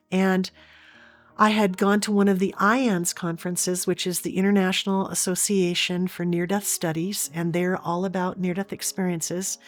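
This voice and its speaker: Middle-aged woman, interview guest, earnest, restarts often, lowish voice, faint music under. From Oregon, USA. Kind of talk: storytelling in an interview.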